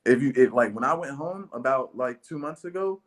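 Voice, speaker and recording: A man's voice: mid-range voice, animated, a little fast. A young man speaking in a laid-back, hesitant way on a call-in show, filling his talk with "like". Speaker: guest caller. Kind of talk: casual conversation.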